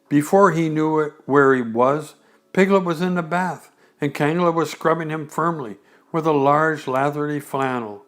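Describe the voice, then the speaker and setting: A man reading a bedtime story aloud, unhurried and gentle. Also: a little high.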